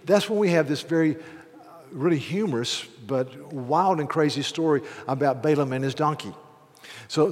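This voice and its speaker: Man preaching in an echoing hall. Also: on the high side. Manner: conversational storytelling, animated asides. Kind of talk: sermon.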